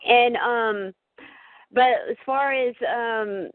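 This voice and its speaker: A woman's voice: fairly high pitch, very slow, dry recording. A woman calling in to a podcast, speaking hesitantly with stammers and restarts. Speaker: guest caller. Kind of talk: phone-in podcast conversation. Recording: dry tinny phone line.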